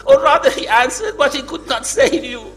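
A man voicing a grieving, anguished older male leader in battle, speaking in pleading, sorrowful lines that rise to loud cries. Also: extremely high pitch, normal speed, faint music behind.

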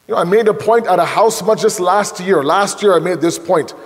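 A man giving an emotional sermon that builds into impassioned, shouted storytelling. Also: high voice, fairly quick. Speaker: preacher. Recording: echoey hall.

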